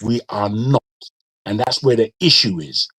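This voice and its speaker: A man's voice: lowish voice, animated, measured pace, sharp tone, breathy edge, dry recording, low-quality recording. Blunt nigerian-born guy raised in the uk, heated, cuts in a lot, dry sound. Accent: British English with Nigerian touches. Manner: blunt, swears, repeats words, cuts in. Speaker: discussion panelist. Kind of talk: heated casual debate.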